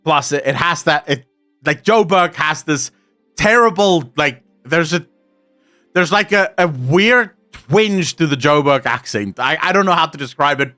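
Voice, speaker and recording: A man's voice: fairly high pitch, bright, forceful tone. A South African man chatting casually on a live stream, rambling and swearing freely while he answers his chat. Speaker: game streamer.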